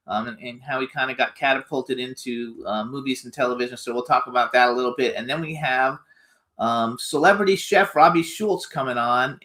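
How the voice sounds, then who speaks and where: A man's voice: mid-range voice, pushed and bright. A man hosting a celebrity interview radio show in an upbeat, loose way, with many fillers. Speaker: host.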